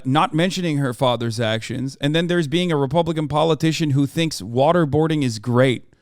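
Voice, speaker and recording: A man's voice: fairly high pitch, a little fast, no room sound, clean studio sound. A man in his thirties giving casual, profane live-stream commentary on the news and reacting to his chat. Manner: brash, profane, riffing on chat.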